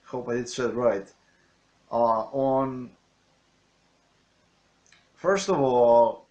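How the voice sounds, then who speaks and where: A man narrates over video clips in broken, non-native English. His voice sits at a middle pitch, and his delivery is a loose, ranting ramble. He keeps breaking off to restart and correct himself. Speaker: video commentator.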